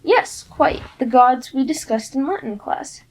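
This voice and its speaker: A patient, kindly old teacher who explains things with careful formality, as a woman reader puts him on. He sounds calm and measured. The voice sits somewhat high. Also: heavily acted, low-quality recording. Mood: gentle. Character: kindly, patient older male teacher and mentor.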